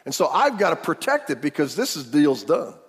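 A man's voice: on the high side, big pitch swings, a little fast. A shrewd younger brother insists defensively in a slightly raised voice , as a preacher puts him on. A long hall reverb trails his speech.

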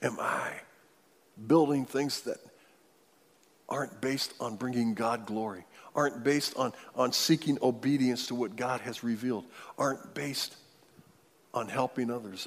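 Male pastor, sermon delivery, dynamic swings from booming to whispered, long reverb. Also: unhurried, long pauses. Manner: dynamic preaching, swings from loud declarations to near-whispers.

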